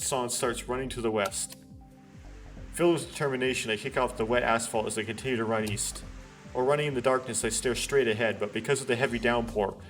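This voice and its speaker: A man's voice: mid-range voice, fairly bright tone. A man hosting a let's play, reading a visual novel aloud in an earnest, dramatic way, with small restarts and wry asides.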